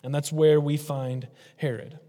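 Slightly high-voiced male preacher in a reverberant hall. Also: flat delivery, a little slow, mellow. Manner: emphatic preaching, varies pace for effect. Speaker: pastor. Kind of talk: sermon.

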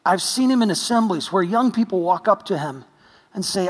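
A man's voice: high voice, expressive, moderate pace, in a large hall. A man preaching a sermon as pastor, telling stories earnestly with touches of light humor.

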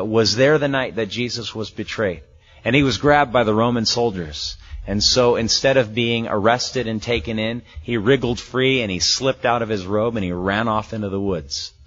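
A man's voice: medium pitch, a bit bright. A man preaching in a conversational way, teaching through a Bible passage verse by verse and acting out the people in the story. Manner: conversational, acts out quoted voices, chuckles often. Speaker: pastor. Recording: muffled lo-fi sermon recording.

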